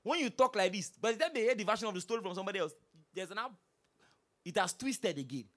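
Animated, bright-voiced Nigerian pastor preaching. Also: male voice, high voice, fast. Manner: animated preaching with humor and repeated rhetorical questions. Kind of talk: sermon.

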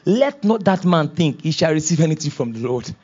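A man's voice: on the high side, big pitch swings, a little fast, darkish tone, slightly rough, dull audio. A man preaching a sermon, acting out quoted voices and laughing often. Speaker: pastor.

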